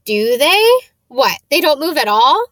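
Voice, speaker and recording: A blunt young wizard boy chats in an offhand way, quick to sound disgusted, as a woman storyteller puts him on. The recording is close and dry. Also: a little high, expressive, a bit bright, no room sound.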